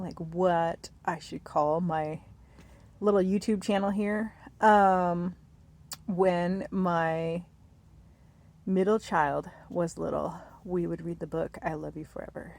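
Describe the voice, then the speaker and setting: A woman in her thirties chatting casually while lying in bed, rambling softly with many fillers and sometimes dropping to a whisper. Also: on the low side, steady tone, slow, creaky. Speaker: vlogger. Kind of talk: casual chat to camera.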